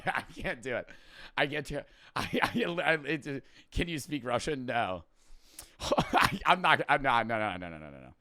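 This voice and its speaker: A man's voice: mid-range voice, sharp tone, dry recording, studio quality. A man with a generic American accent, reacting in casual commentary, rambling and swearing, with many restarts. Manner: rambling, profane, restarts often. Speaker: host reacting to a street interview.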